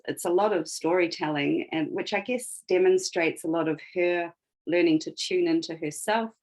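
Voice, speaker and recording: A woman's voice: fairly low pitch, poor audio. A woman guest on a podcast, reflectively retelling a fairy tale and tying it to the present. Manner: reflective, retells a story with emphasis. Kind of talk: conversational podcast storytelling.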